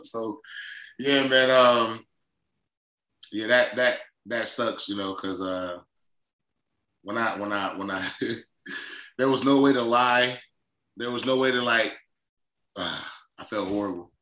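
A man, a former football player co-hosting a casual sports podcast, telling lively stories and acting out quotes. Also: slow pace, pauses often, roomy sound, low-quality recording. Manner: animated storyteller, acts out quotes in a higher voice, laughs often.

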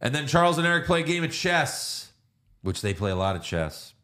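A man's voice: fairly high pitch, very animated, fairly quick, bright, forceful tone. A man hosting a casual movie review podcast, retelling scenes and acting out lines with plenty of swearing. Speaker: podcast host.

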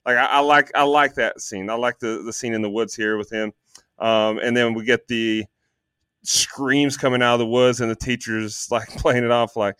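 A man co-hosting a podcast, chatting casually about a movie, animated, swearing freely and filling gaps with ums. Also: medium pitch, normal speed, clean tone, no echo, clean studio sound. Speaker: podcast co-host. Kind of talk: casual movie review chat.

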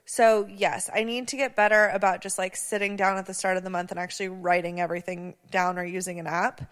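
A woman's voice: mid-range voice, flat delivery, brisk, clear, resonant tone, long reverb tail. A woman co-hosting a casual podcast, chatty and teasing, laughing easily as she tells stories. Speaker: podcast co-host. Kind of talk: casual chat.

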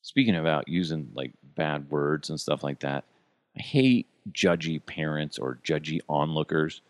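A middle-aged podcast host with an unhurried bass voice rants casually about everyday annoyances. He swears freely, chuckles along, and vents in exasperation, recorded with no room sound.

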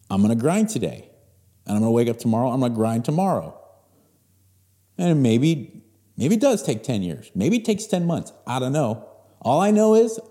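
Emphatic man in his forties, lively pitch. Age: 40s. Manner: blunt, emphatic, swears freely. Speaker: podcast host. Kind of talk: motivational monologue.

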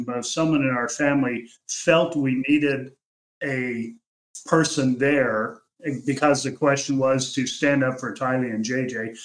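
Measured older man in an echoey room. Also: medium pitch. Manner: measured, with frequent restarts. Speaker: podcast guest, uncle of the family. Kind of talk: reflective interview talk.

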